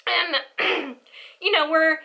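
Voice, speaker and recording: A young woman telling a family story in a casual, animated way, acting out the voices of her relatives. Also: very high-pitched, very slow, creaky. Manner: animated, acts out family members' lines. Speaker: storyteller vlogger.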